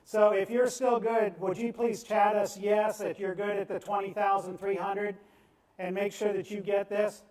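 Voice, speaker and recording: A man working as a charity auctioneer, calling bids in a fast rhythmic chant and coaxing bidders along. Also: high-pitched, level tone, a little mellow. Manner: rapid rhythmic bid chant, cajoling bidders. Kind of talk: live auction bid calling. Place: event venue on the Gulf coast. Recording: echoey room, voice from off-mic.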